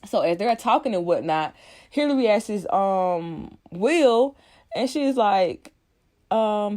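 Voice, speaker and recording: A woman's voice: medium pitch, lively intonation, slow, a little mellow. A woman vlogger giving a casual, profanity-laced recap of a TV episode, talking animatedly with lots of fillers.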